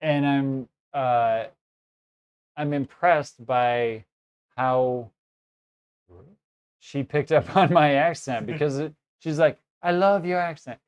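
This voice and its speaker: A man's voice: mid-range voice, fairly even intonation, slow, pauses often, smooth. A man with a Chicago accent, a guest telling a rambling story in casual chat and laughing often.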